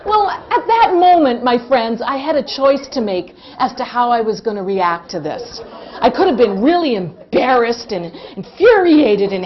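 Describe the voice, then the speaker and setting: Middle-aged woman, animated comic storyteller, fairly high voice, slightly muffled audio. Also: normal speed, some chatter behind. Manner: animated, laughs through the telling. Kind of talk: humorous personal anecdote.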